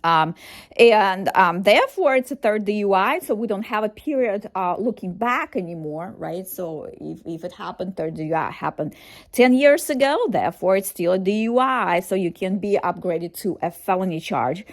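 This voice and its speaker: A woman's voice: medium pitch, lively intonation, moderate pace. Hesitant woman lawyer, many fillers. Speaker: defense attorney. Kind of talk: informational video to camera.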